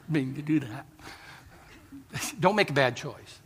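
A man's voice: on the high side, lively intonation, a little slow, breathy edge. A middle-aged man preaching a sermon, telling stories and pleading earnestly with the congregation. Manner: storytelling, earnest pleading with laughs. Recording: long reverb of a hall.

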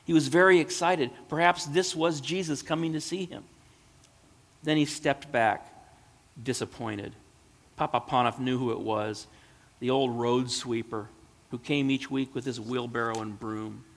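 A man reading a storybook aloud in a gentle, measured way. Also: medium pitch, steady tone. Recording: long hall reverb.

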